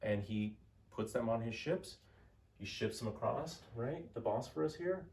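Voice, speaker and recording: A male history teacher telling a lecture as a story, animated and chatty, with many fillers and restarts. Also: mid-range voice, a little slow, vocal fry, far from the mic.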